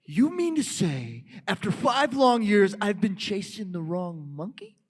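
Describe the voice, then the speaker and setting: A man voices a foul-mouthed, sarcastic antihero mercenary in a live comedic table read, his pitch bouncing up and down. The reverberant convention hall rings behind him. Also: sing-song, a little slow, slightly rough, full character voice. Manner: crude, sarcastic, swearing. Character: wisecracking male antihero mercenary, crude and sarcastic. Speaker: voice actor reading Deadpool.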